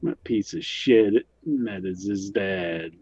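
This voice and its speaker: A man chatting on a podcast, swearing freely and ranting, swinging between loud outbursts and hushed asides. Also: on the low side, slow pace, slightly rough, dry recording, dull audio. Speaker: podcast guest. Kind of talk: casual chat.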